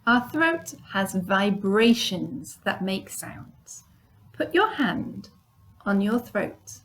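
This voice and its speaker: Woman teacher for a kids' lesson, unhurried and patient, pitch in the middle. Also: lively intonation, a bit bright. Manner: demonstrates sounds, bilingual repetition. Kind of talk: slow, clear lesson for young children.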